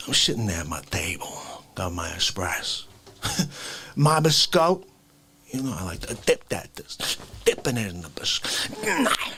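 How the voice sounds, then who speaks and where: A man doing a celebrity impression of a cranky old man, ranting in a rambling way with husky whispers and sudden shouts. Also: fairly low pitch, wildly swooping pitch, measured pace, slight background noise, voice pushed down, heavily acted. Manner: rambling rant, bursts into shouts. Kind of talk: comedic improvised rant.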